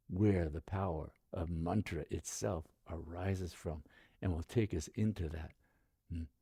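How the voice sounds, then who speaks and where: Soft-spoken man with a gravelly low voice. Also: no echo, clean studio sound. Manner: slow, soft-spoken, repeats phrases like a chant. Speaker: meditation teacher. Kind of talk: guided meditation talk.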